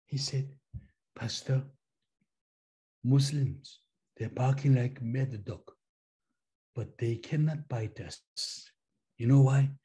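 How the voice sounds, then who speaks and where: A middle-aged man whose first language is Korean, a pastor giving a testimony in a slow, halting way, repeating phrases as he goes. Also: mid-range voice, dark tone. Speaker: pastor and former missionary. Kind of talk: sermon-style personal testimony.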